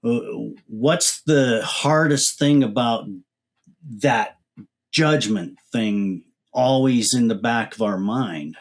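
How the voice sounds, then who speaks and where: A man hosting a podcast interview, asking questions in a measured, reflective way. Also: mid-range voice. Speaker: podcast host. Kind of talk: conversational interview.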